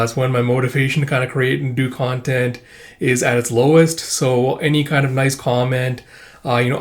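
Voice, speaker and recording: A man hosting a casual manga read-through, rambling with lots of "uh" and "like" fillers. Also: medium pitch. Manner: rambling with frequent "uh" and "like". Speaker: manga reading channel host.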